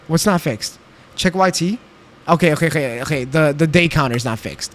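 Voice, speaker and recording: A man's voice: medium pitch, quick pace, slight background noise. A young man streaming a game, chatting casually and talking back to his chat while he builds. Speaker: livestreamer.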